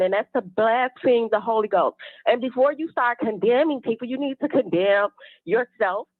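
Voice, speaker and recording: A woman's voice: a little high, no room sound. Indignant woman evangelist on a phone line. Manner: preachy, indignant. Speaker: caller, evangelist. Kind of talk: impassioned call-in rant.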